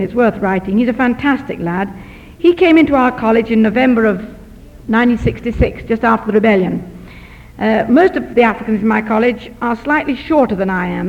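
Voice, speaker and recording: A woman with a high voice tells a sermon story, lively and gently self-mocking. The recording is dull and muffled, and a long hall reverb trails behind her words. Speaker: missionary doctor and speaker.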